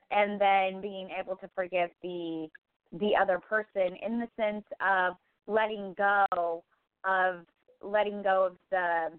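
A woman hosting a reflective spiritual talk show, thoughtful and pausing often. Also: medium pitch, smooth, dry recording. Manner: thoughtful, many filler pauses. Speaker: podcast host. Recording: tinny phone-line sound.

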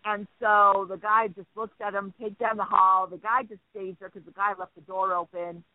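Animated high-voiced male radio host. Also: moderate pace, no echo. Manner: animated storyteller acting out quotes. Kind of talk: storytelling on talk radio. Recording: dry tinny phone-like line.

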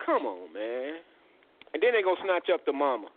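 Male radio host, heated swearing rant, fairly high voice, narrow lo-fi phone-line audio. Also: wildly swooping pitch, moderate pace. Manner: profane, heated, repetitive, says "man" constantly. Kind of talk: angry rant.

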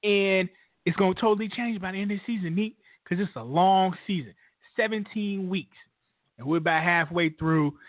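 A man with a slightly raised pitch gives his views on a sports talk show in a matter-of-fact, opinionated way. His voice comes through a narrow, phone-like line with no room sound. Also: moderate pace, no room sound. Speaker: co-host. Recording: dry, phone-like audio.

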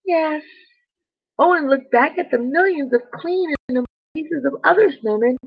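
A woman reading a bedtime story aloud, gently speaking to the children listening. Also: high voice, gravelly, no echo, muffled recording. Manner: slow, gentle, addresses children directly.

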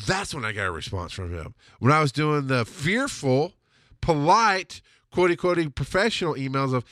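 A man's voice: a little high, sing-song, normal speed, a bit bright, dry recording, clean studio sound. A middle-aged man hosting a podcast, telling stories in a rambling, self-correcting way. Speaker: podcast host. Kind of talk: casual solo storytelling.

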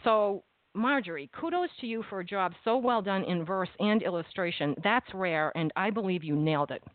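A woman interviewer speaking in a measured, earnest way as she gives careful praise. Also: mid-range voice, expressive, dry recording. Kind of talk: interview, reading a poem aloud. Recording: tinny phone-like line, dry.

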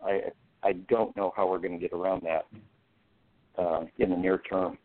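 A male guest on a talk show, telling anecdotes in a relaxed way and laughing often. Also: low voice, normal speed. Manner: anecdotal, chuckles while telling stories. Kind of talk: casual talk show discussion. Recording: tinny phone line.

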